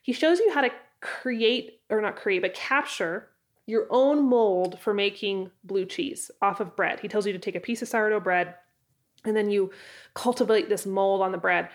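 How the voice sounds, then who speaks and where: A woman's voice: mid-range voice, normal speed. A woman vlogger talking casually and enthusiastically about her favorite homesteading books, with a chatty, self-deprecating manner. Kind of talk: casual book recommendations to camera.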